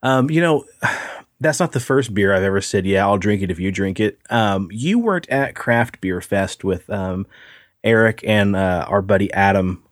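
A man's voice: on the low side, no room sound, clean studio sound. A man co-hosting a podcast, telling profane, rambling stories in casual chat with lots of filler words. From United States. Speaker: podcast co-host.

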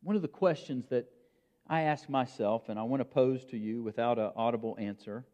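A man preaching a sermon in a measured, emphatic way, with dramatic pauses. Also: medium pitch, dark tone. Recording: long reverb, dull lo-fi sound.

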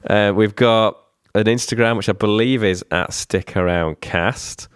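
Laid-back man, low voice. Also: measured pace, clean tone, no echo, studio quality. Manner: loose, swearing, rambling with many fillers. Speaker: podcast co-host. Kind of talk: casual podcast chat.

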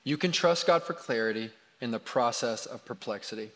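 Guy pastor preaching, tells stories all lively, long echo off the hall. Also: medium pitch, fairly quick. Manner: animated storytelling, quoting his kids. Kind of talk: sermon.

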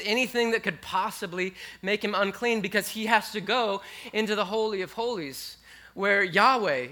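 A male preacher with a high, bright voice. He talks to his congregation in a casual, conversational way. He goes quiet and intimate, then rises with animated energy. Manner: conversational, animated, swinging between hushed and excited. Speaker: pastor. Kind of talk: sermon.

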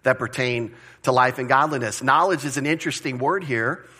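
A man preaching a sermon to his congregation, emphatic and animated, repeating phrases and asking the room questions. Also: medium pitch, fairly quick, slightly rough. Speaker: pastor.

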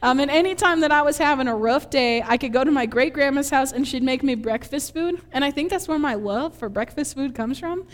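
High-voiced woman preaching in a hall. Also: brisk, hardly any pauses. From Minnesota, USA. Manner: animated storyteller, laughs often, acts out scenes. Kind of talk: conversational sermon with personal story.

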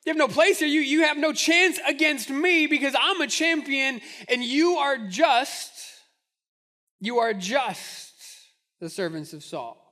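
A man's voice: very high-pitched, lively intonation, unhurried, sharp tone, voice pushed up, full character voice. A man voicing a boastful giant warrior who taunts his enemies with scorn. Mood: scornful.

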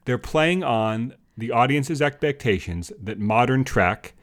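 A man's voice: mid-range voice, expressive, measured pace. A man co-hosting a podcast, chatting casually and rambling through an episode with lots of restarts, often asking his co-host questions.

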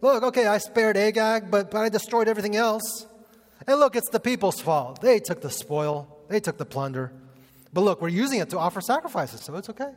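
Guy putting on a high whiny king making excuses, echoing round a big hall. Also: lively intonation, fairly quick. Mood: defensive. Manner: whiny, protesting, self-justifying. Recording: long hall reverb.

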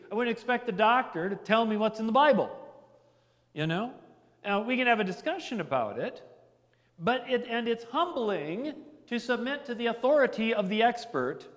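Man, middle-aged pastor, conversational sermon, high-pitched voice, long echo of a big hall. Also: a bit bright. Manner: chatty and anecdotal, repeats words as he builds a point.

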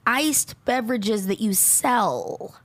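A middle-aged woman co-hosting a podcast, ranting in animated casual chat and laughing often. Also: on the high side, slow pace. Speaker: podcast co-host.

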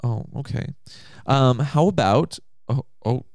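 A man's voice: mid-range voice, slow, a little mellow, no room sound, clean studio sound. A man co-hosting a podcast in casual chat, playful and teasing. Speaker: podcast co-host.

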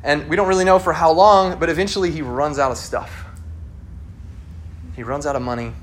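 Guy preaching, chatty and relaxed, kinda high voice, talks like he's telling a friend a story. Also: slight background noise. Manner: conversational, acts out quotes. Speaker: pastor. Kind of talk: sermon.

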